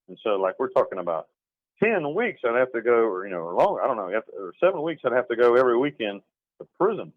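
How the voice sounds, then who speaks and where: A middle-aged man from North Carolina tells his story in an interview, rambling and emphatic, often slipping into acted-out quotes. His voice sits low. The recording is dull and dry, with a lo-fi, phone-like quality. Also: very animated, fairly quick, no echo.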